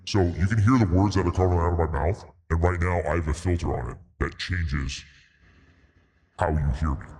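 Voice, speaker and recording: A man speaking through a voice changer filter, putting on a deep disguised male voice in a slow, teasing way. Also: a little mellow, long reverb tail.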